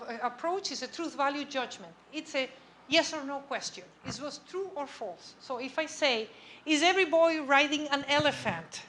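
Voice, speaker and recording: A woman with a high-sitting voice lectures on an academic topic in a lecture room, keeping it conversational and checking understanding with frequent "okay?" and "right?". A little hiss or hum is audible.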